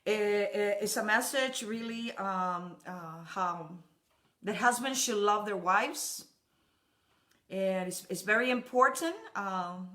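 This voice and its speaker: A woman preacher opening a sermon in a halting way, repeating words and laughing often. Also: mid-range voice, bright, forceful tone. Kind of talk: sermon with a joke.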